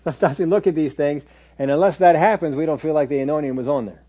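A man's voice: on the high side, quick pace, warm tone, slightly rough, lo-fi sound. A man preaching a sermon in a conversational teaching manner, now and then mimicking churchgoers in quoted asides.

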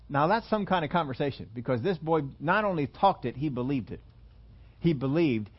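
A man preaching a sermon, telling a scripture story with animated, acted-out voices for its characters. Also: fairly high pitch, normal speed. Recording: muffled lo-fi sermon recording.

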